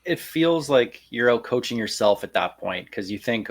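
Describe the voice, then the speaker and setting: A man hosting a podcast and steering a casual football chat. He speaks in a measured way and drops dry one-word replies. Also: medium pitch, lively intonation.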